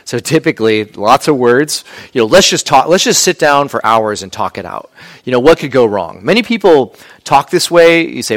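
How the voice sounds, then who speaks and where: A man's voice: medium pitch, animated, normal speed, no room sound. A man preaching a sermon in a conversational, plainspoken way, with casual asides. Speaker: pastor.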